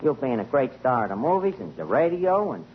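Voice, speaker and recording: A man's voice: mid-range voice, very animated, fairly quick, a little hiss or hum, lightly acted. An actor playing a wisecracking tavern manager with tough-guy slang, in 1940s radio comedy style, on a tinny old broadcast. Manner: Brooklyn tough-guy slang with ungrammatical speech. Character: wisecracking male tavern manager, fast-talking.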